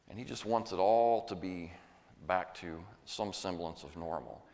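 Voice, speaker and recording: Low-voiced guy preaching, earnest and folksy, long church echo. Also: measured pace, creaky, a little mellow. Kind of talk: sermon. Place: church sanctuary.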